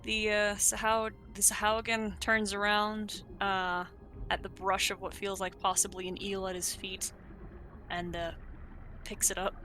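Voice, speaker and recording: A woman narrating a tabletop game as game master, describing scenes in an unhurried way. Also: mid-range voice, completely flat delivery, pushed and bright, faint music behind. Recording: noisy home recording.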